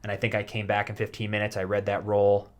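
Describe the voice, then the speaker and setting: Rambling, low-voiced man in casual chat. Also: completely flat delivery. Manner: rambling, halting, with many fillers and restarts. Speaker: podcast co-host, soap actor.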